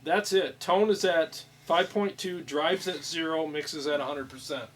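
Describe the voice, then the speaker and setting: A man hosting a casual chat about guitar amp settings in a small studio room, upbeat and quick to laugh. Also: fairly high pitch, fairly bright tone, distant mic, slight background noise, low-quality recording. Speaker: host.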